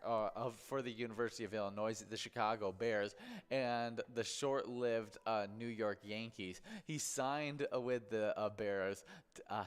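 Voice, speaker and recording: A man's voice: fairly low pitch, smooth. A man hosting a bingo livestream, chatting casually and reading out celebrity birthdays with many fillers and restarts.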